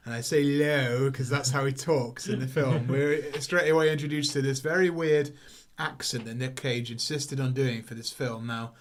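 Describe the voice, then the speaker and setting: A man's voice: medium pitch, fairly even intonation, moderate pace, few pauses. A man hosting a casual film review podcast, talking in a rambling, stop-start way. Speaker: podcast host.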